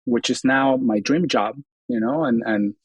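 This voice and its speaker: A man's voice: mid-range voice, lively intonation, measured pace, slightly rough, dry recording. Guy chatting as a guest chef, earnest, lots of you know, dry close mic. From Venezuela. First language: Spanish. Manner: earnest, repeats words, leans on "you know". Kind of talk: casual interview chat.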